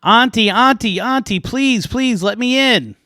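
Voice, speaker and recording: A man voicing a hungry, frightened little girl, pitching his voice high as she cries out and pleads. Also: unhurried, pushed and bright, no room sound, studio quality, exaggerated voice. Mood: pleading.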